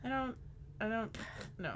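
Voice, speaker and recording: A woman's voice: fairly high pitch, animated, measured pace, a little hiss or hum. A woman in her thirties co-hosting a podcast in casual, playful chat, often joking and breaking into sing-song bits. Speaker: podcast co-host.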